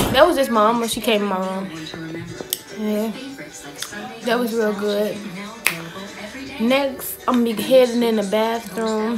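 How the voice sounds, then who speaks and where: A young woman, chatting casually to her viewers in a get-ready-with-me vlog from her bedroom, recorded on a phone. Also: mid-range voice. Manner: chatty, slangy, talks straight to viewers. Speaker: vlogger. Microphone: phone camera.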